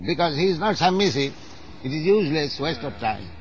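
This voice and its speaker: A man's voice: on the high side, animated, fairly quick, dull audio, a little hiss or hum. A man who is a spiritual teacher, instructing in conversation, emphatic and corrective and often repeating himself.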